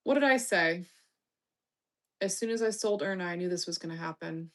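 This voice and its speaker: A woman with a fairly low voice hosts a casual live stream at normal speed, reading chat aloud. She teases and bosses viewers around, swears, and gets distracted, muttering to herself.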